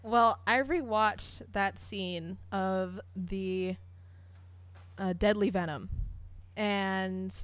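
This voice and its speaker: A young woman co-hosting a casual podcast. She explains her thoughts on a cartoon episode in an unhurried way and laughs easily. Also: medium pitch, steady tone. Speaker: podcast co-host. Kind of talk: casual chat about a cartoon.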